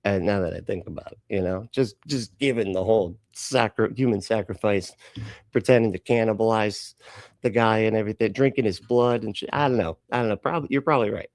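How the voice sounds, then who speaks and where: A man's voice: lowish voice, a little fast, no room sound. A man hosting a live reaction stream, joking and sarcastic, laughing often and greeting chatters by name. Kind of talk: casual live-stream chat.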